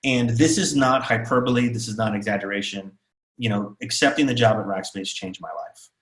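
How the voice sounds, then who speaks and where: A man from Texas giving a storytelling talk as keynote speaker, animated and acting out the people he quotes. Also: medium pitch, brisk, roomy sound, low-quality recording. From Texas, USA. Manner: animated, acts out quotes of others.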